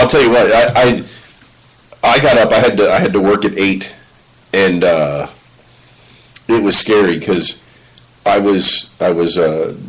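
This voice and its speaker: A man hosting a casual podcast chat, telling an excitable, swearing story and acting out his own reactions. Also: sits low, slightly rough, low-quality recording. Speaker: podcast host.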